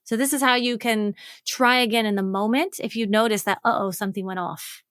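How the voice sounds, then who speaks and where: A woman relationship coach explaining a method on her own podcast, frank and animated, acting out both partners' lines. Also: medium pitch, a little fast, no echo, clean studio sound. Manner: frank, swears casually.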